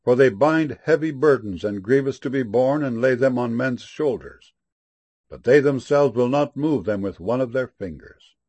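A man giving a solemn, measured reading of King James scripture. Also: mid-range voice, expressive, a little mellow.

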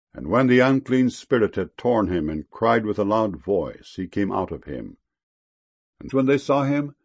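Gravelly low-voiced man reading scripture. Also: a little mellow. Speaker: scripture reader. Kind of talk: reading King James scripture aloud.

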